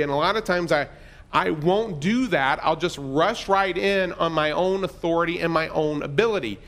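A man's voice: on the high side, normal speed, a bit bright. A middle-aged man pastor telling a personal story in a conversational, self-deprecating sermon.

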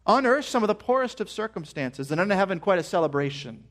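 A man preaching a sermon as pastor, earnest and building to excited emphasis. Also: sits high, fast.

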